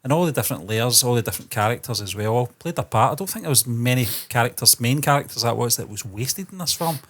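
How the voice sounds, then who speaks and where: A man co-hosting a film review chat, voice of ordinary middle pitch. He talks through his views slowly and thoughtfully, circling back as he builds each point. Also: lively intonation, fairly bright tone. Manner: thoughtful, rambling opinions. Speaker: co-host of a movie review channel.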